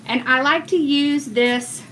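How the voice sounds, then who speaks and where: A woman with a high, steady, fairly bright voice talks slowly while leading a casual wreath-making tutorial on a livestream. She works and reads viewers' comments aloud as she goes, and there's slight background noise.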